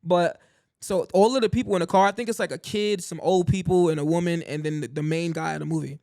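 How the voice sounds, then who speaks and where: A man's voice: on the high side, quick pace, dry recording, studio quality. A man co-hosting a podcast, telling stories in casual chat with lots of fillers. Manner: animated storyteller, heavy fillers. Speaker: podcast co-host.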